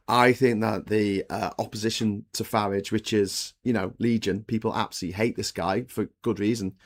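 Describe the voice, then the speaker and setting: A middle-aged man from the UK hosting a casual political live stream. He is blunt and sweary, and rambles with lots of fillers. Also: on the low side.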